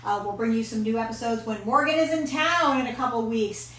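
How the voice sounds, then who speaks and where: A woman's voice: on the high side, fairly quick, a bit bright. A woman co-hosting a podcast, reacting with short comments and laughs, then closing the show. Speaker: podcast co-host. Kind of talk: casual chat. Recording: echoey room, faint ambience.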